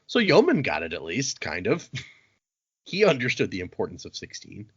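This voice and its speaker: A man's voice: lowish voice, moderate pace, breathy edge. A man hosting a podcast, retelling a book's plot in casual chat and acting out the quotes as he goes. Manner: animated, laughing, acts out quotes. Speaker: podcast host. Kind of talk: casual book-club chat, retelling a story. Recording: dull lo-fi podcast audio.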